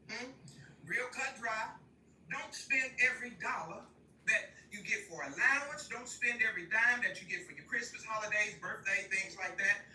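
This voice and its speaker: An older woman talks on a livestream, lively and folksy, laughing often and calling her listeners "y'all." Her voice is very bright. She is recorded outdoors in a park on a phone held some way off, so the sound is roomy, with faint ambience behind her. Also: fairly high pitch, recorded from a distance, slight background noise. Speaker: guest speaker. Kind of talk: casual livestream talk. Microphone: phone held while walking.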